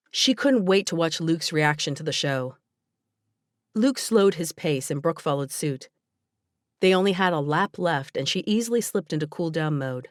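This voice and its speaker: A woman narrating a young adult romance audiobook in a gentle, even storytelling manner. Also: sits low, moderate pace, no room sound, clean studio sound. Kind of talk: scripted narration.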